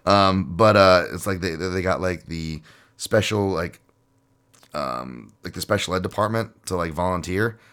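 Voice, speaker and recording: A man's voice: low voice, measured pace, fairly bright tone, smooth. A man hosting a podcast in casual chat, rambling and jokey with frequent swearing and fillers. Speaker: podcast host.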